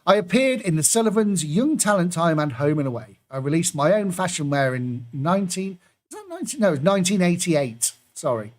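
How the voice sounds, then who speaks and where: A man hosts a pub quiz over a computer microphone, his voice sitting a little high for a man. He reads the clues in a chatty, self-mocking way and keeps laughing at his own fumbles. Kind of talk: online quiz hosting, reading clues aloud.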